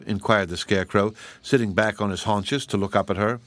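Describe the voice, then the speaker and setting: A man narrating a storybook aloud with a measured, clear delivery. His voice is low and even. The recording is dry and close, with no room sound. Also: no echo. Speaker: audiobook reader.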